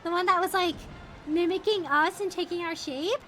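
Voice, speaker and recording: Very high-pitched bubbly woman streamer. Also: normal speed, a little hiss or hum. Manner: bubbly, excitable, lots of 'like' and 'bro'. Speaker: game streamer. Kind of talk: casual gaming stream chat.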